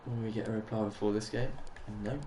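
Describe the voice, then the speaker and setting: A man's voice: on the low side, steady tone, fast, echoey room, background noise. Man swearing through a football game. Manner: emotional, swearing, frustrated outbursts. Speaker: gamer streamer. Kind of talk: live game commentary while playing.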